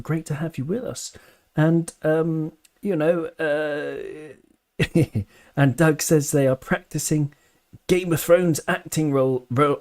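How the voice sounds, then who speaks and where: A man's voice: a little high, darkish tone. A man hosting a live fan stream, chatting loosely and thoughtfully, with frequent restarts and chuckles while reading viewer comments. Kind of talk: casual live-stream chat.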